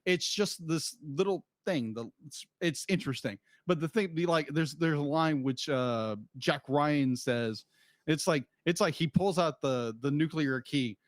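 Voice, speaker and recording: A man co-hosting a podcast, talking loosely and restarting his sentences as he goes. His voice sits on the higher side. The sound is dry and close, with no room around it. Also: a little slow, dry recording. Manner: rambling, with frequent restarts and laughs. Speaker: podcast co-host. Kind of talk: casual chat.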